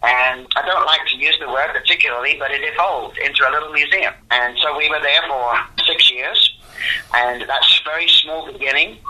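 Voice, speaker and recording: A man's voice: fairly high pitch, normal speed, bright, forceful tone, poor audio. An older man, the founder of a religious museum ministry, answering interview questions in an earnest, devout and rambling way.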